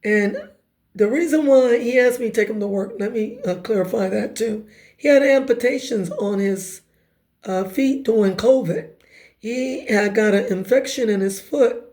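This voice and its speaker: Raspy woman, slightly high, warm tone; emphatic conversational testimony. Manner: emphatic, conversational, quick asides. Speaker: speaker giving personal testimony. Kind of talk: personal testimony storytelling.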